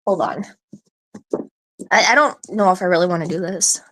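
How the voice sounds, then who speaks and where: A woman's voice: fairly low pitch, moderate pace, a bit bright. A woman hosting a live audio stream, chatting casually in a rambling, giggly way full of "like" and restarts, with hiccups. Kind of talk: casual chat.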